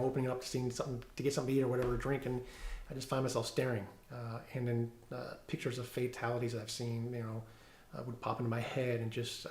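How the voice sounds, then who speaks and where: A middle-aged police officer giving a personal testimony at home, talking haltingly with many fillers and restarts. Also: male voice, medium pitch, roomy sound. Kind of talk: personal testimony, reading from notes. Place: room at home.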